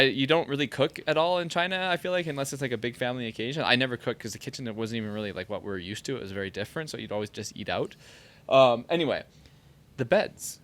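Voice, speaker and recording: A man in a podcast studio, a former pro soccer player telling stories in a casual chat, full of "like". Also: medium pitch. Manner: animated storyteller, heavy use of "like".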